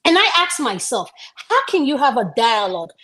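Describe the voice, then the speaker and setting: Emphatic high-voiced African woman. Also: sing-song, normal speed, fairly bright tone, low-quality recording. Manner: emphatic, opinionated. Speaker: panelist. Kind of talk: casual panel discussion.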